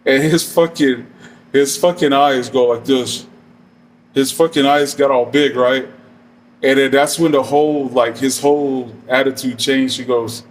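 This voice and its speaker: A man's voice: medium pitch, moderate pace, recorded from a distance, a little hiss or hum. A middle-aged man telling a story casually, rambling and profane with many fillers.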